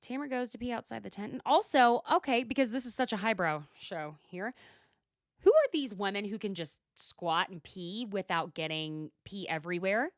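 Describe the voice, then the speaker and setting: A woman hosting a podcast, chatting casually on her own, swearing freely and tossing in quick asides. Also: medium pitch, lively intonation, dry recording, clean studio sound. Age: adult, mother. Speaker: podcast host. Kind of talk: casual solo recap chat.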